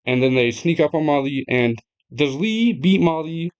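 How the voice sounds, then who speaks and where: A young man casually retelling a game's story to his viewers, excitable and chatty, laughing often and swearing freely. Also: fairly high pitch, normal speed, clean tone. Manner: chatty, addresses viewers directly. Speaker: gaming video creator.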